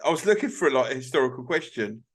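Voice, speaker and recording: A man's voice: mid-range voice, lively intonation, fast talker. A young man co-hosting a casual podcast chat, swearing often and breaking into laughs as he reads aloud. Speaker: podcast co-host.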